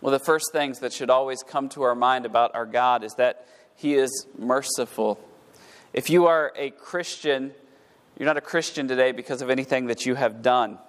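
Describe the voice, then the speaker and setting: A male pastor preaching in a church, his voice at an ordinary middle pitch. He reads old scripture wording aloud and then breaks it down, stumbling over repeated words as his fervor builds. The room has a long, echoing reverb. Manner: repeats words while rising to fervent emphasis. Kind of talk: sermon. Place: church sanctuary. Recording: echoey hall.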